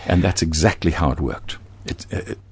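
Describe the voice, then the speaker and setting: An older veteran broadcaster, speaking as an interview guest, telling stories animatedly with frequent stammering restarts. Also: male voice, a bass voice, fairly quick, darkish tone, husky. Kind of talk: interview conversation.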